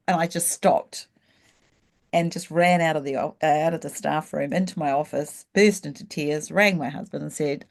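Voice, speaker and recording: A woman's voice: sits low, fairly even intonation, creaky. A middle-aged woman, telling her story frankly and reflectively as an interview guest. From New Zealand. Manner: frank and reflective, slows down when thinking back. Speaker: guest, leadership coach. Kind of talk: candid storytelling in a casual interview.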